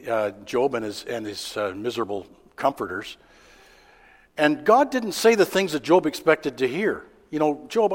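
A man preaching a sermon in a plain, unhurried way, often pausing on fillers and restarting his sentences. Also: medium pitch. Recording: long hall reverb.

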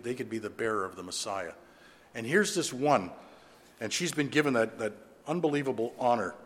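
A man's voice: mid-range voice, fairly bright tone. A man preaching a sermon, earnestly reading scripture aloud and then explaining it conversationally in a church. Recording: long reverb of a large room.

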